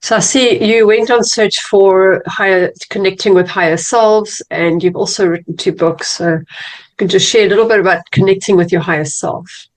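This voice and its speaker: A woman interviewer asking a guest a loosely phrased, halting question. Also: mid-range voice, fairly even intonation, low-quality recording.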